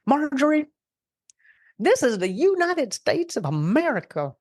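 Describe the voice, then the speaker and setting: A woman voicing a brash, folksy sister-in-law with a Texan accent, scolding in a high voice. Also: big pitch swings, measured pace, a little mellow. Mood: scoffing.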